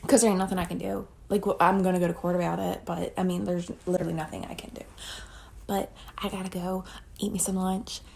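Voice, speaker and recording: A woman's voice: on the low side, little pitch movement, fast talker, vocal fry, darkish tone. A young adult woman telling a personal story in a casual vlog, blunt and profane, rambling and acting out what people said. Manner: blunt, profane, rambling retelling with quoted dialogue. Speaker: storytime vlogger.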